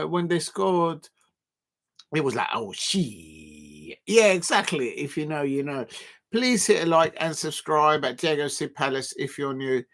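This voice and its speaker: A man hosting a live football watch-along stream. His voice swings widely in pitch, jumping from low grumbles to high, shouted outbursts of disbelief. He rants at rival fans in a loose, exasperated way.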